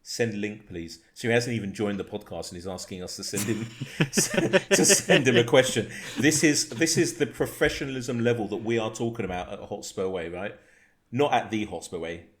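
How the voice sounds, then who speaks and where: A man's voice: fairly low pitch, expressive, a little fast, few pauses, fairly bright tone. A man from England, hosting a podcast in casual chat, laughing and swearing as he reads out group chat messages. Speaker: podcast host.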